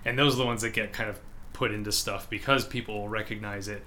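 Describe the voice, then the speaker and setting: A man in a casual podcast chat, rambling and swearing as he goes. His voice is bright and forward. He wears his feelings openly. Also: lowish voice, fairly even intonation, quick pace, a little hiss or hum. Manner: rambling, swears freely, emotional. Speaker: podcast co-host.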